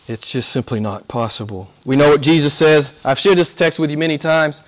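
A man preaching a sermon with passion, shifting from loud, ringing declarations to hushed whispers. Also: fairly high pitch, a little fast, few pauses. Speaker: pastor.

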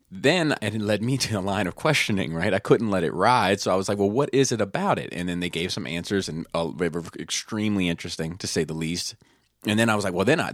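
A man's voice: low-pitched, no room sound, clean studio sound. A man in his thirties hosting a podcast, telling a long rambling party story full of fillers and swearing. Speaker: podcast host. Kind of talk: casual podcast chat.

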